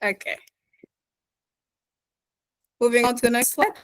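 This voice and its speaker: A woman gives an online pronunciation lesson, repeating words slowly and encouraging her students. Her voice sits a little high. The sound is dry and close. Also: dry recording, poor audio. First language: Arabic. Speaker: accent teacher.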